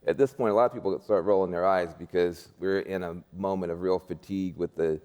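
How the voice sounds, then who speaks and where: A man's voice: sits low, fairly even intonation, a little fast, a little mellow, clean tone. A man speaking as a panel guest, emphatic and rousing, repeating his points like a preacher. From United States. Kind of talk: panel discussion.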